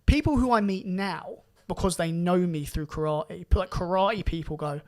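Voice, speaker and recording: A young man telling his story in a casual podcast chat, animated and swearing now and then. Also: high-pitched, normal speed, few pauses. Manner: animated, rising loud when excited, swears casually. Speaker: podcast guest karate champion.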